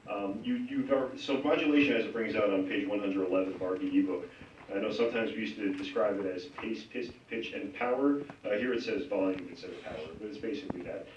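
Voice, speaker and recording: A man giving encouraging feedback on a reading at a congregation meeting, halting now and then with fillers and restarts. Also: lowish voice, muffled recording. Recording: echoey hall, distant mic, faint hiss.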